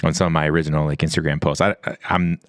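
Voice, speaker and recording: A middle-aged man with a very deep, low voice tells stories quickly in a relaxed podcast chat. He rambles, restarts his sentences and acts out quoted dialogue. The sound is dry and close. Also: dry recording. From US East Coast. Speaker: podcast guest. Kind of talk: casual storytelling.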